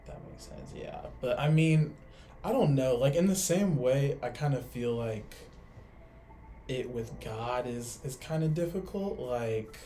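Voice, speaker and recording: A man's voice: mid-range voice, lively intonation, unhurried, dark tone, a little hiss or hum. Young man, rambling casual talk. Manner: casual, heavy "like" filler, trailing thoughts. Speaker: co-host. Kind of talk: casual faith discussion.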